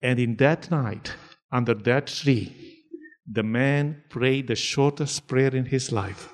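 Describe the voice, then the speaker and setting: A man preaching, telling a story slowly and deliberately, repeating words for emphasis. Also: mid-range voice. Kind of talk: sermon storytelling.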